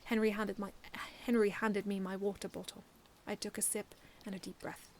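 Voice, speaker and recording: A woman reading her own first-person fan story aloud in an earnest, expressive way, often restarting lines. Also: mid-range voice, moderate pace, slight background noise.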